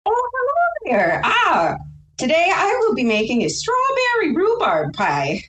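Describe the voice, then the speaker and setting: Someone doing a super high sweet pie lady, slow and swooping, roomy sound. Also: huge pitch swings, fairly bright tone, slight background noise, full character voice. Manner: sweet, drawn-out. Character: genteel pie contestant.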